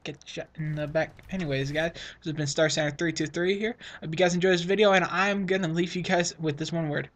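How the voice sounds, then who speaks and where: A man's voice: on the high side, fairly even intonation, fast talker, hardly any pauses, a bit bright. Rambling teen boy gaming commentator. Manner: rambling, self-mocking, jokey. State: runny nose, sniffling. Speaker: gaming channel host. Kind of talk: casual gameplay commentary.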